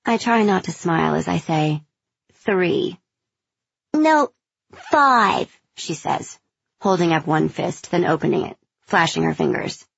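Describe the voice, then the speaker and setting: Husky, gravelly woman reading an audiobook. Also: low voice, moderate pace, no room sound, highs cut off. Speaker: audiobook narrator. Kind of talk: first-person audiobook narration.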